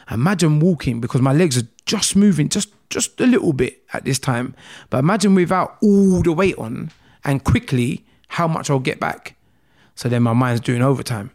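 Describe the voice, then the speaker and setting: A man's voice: mid-range voice, creaky, darkish tone. A man in his thirties from England, telling his story candidly as an interview guest in a rambling, emotional way that repeats phrases. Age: 30s.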